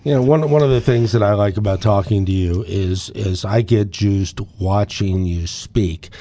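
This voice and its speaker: A man hosting an interview, chatting in a relaxed way and asking questions. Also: fairly low pitch, normal speed. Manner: relaxed, conversational, asks questions. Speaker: interview host. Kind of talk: casual interview chat.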